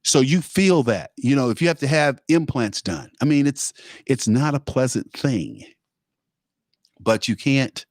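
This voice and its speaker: A man's voice: medium pitch, lively intonation, a little slow, no room sound, clean studio sound. A man hosting a live talk show, delivering an opinionated, rambling monologue full of fillers and restarts.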